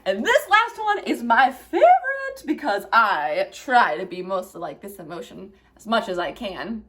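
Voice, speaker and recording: Lively-voiced woman teaching kids a craft. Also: medium pitch, a little slow. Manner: warm, playful, asks kids questions.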